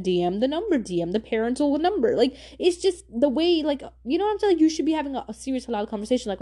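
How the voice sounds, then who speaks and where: Slangy, emphatic young woman, mellow voice. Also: high-pitched, lively intonation, quick pace. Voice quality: slangy, emphatic, repeats herself for stress. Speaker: podcast host. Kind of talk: casual advice talk.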